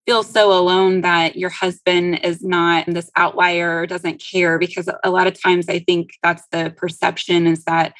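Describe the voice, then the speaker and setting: A woman hosts an interview in a gentle, compassionate tone. Her voice sits low for a woman and stays very even, with little rise and fall. The sound is dry and close. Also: measured pace, hardly any pauses, no room sound, low-quality recording. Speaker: interview host, grief support group leader. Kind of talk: interview questions.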